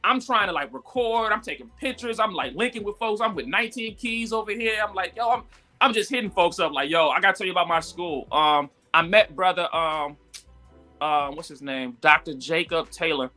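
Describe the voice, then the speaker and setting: A man telling a story in casual live-stream talk, animated and full of "like" and "yo", jumping high when he quotes people. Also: brisk, soft background music. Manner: animated, acts out quotes with sudden high pitch jumps; frequent fillers "like" and "yo". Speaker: guest entrepreneur.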